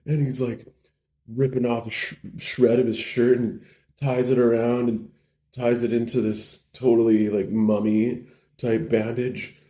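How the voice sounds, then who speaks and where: A preacher telling a parable in a casual, slangy way, full of like and bro. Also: male voice, medium pitch, level tone, a little slow, mellow. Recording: roomy echo.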